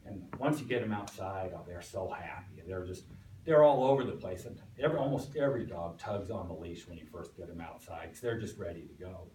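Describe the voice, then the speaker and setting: A man's voice: low-pitched, fairly quick, mellow, a little hiss or hum. Man giving a folksy club speech. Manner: folksy, storytelling. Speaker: club speaker. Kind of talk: prepared speech. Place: meeting room. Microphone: distant room mic. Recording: echoey room from far off.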